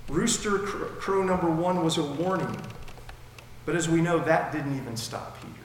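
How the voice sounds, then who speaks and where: A man's voice: on the high side, normal speed, a little hiss or hum. Emphatic male preacher in an echoey hall. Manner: emphatic, with dramatic swings in loudness. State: dry mouth. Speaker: pastor. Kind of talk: sermon. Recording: echoey hall with long reverb.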